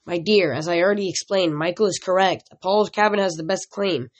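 Wise old centaur teacher, read by an amateur audiobook reader, calm and formal. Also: medium pitch, fairly quick, natural voice. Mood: firm.

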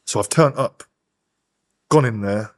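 A man's voice: on the low side, a little slow. A man, a podcast guest telling a hard personal story in blunt, profane street slang. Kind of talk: candid storytelling interview.

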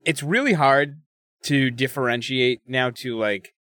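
A man's voice: medium pitch, measured pace, pushed and bright, no room sound, studio quality. A man co-hosting a podcast in casual chat, joking and chatty. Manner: chatty, joking, laughs between remarks. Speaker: podcast co-host.

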